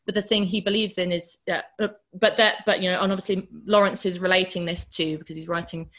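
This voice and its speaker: A woman with a slightly low voice gives a relaxed, talky lecture on a novel. She moves easily between asides full of fillers and quoted passages read aloud with growing force. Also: quick pace. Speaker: literature lecturer.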